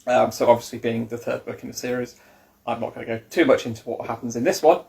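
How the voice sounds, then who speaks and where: A man's voice: mid-range voice, fairly even intonation, fast talker, gravelly, a little mellow. A man co-hosting a casual hobby chat about books, with dry joking asides. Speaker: podcast co-host.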